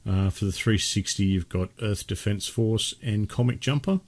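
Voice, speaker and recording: A man co-hosts a gaming podcast in a relaxed, rambling way, often restarting his sentences. His voice sits fairly low. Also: normal speed. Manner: chatty, rambling with many restarts. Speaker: podcast co-host. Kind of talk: casual chat.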